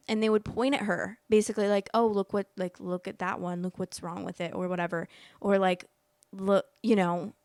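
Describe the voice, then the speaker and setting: Young woman vlogging, rambly and emotional, mid pitch, dry close sound. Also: clear, resonant tone, dry recording. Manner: chatty, rambling, many likes. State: emotional, teary. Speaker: host. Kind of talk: casual storytelling vlog.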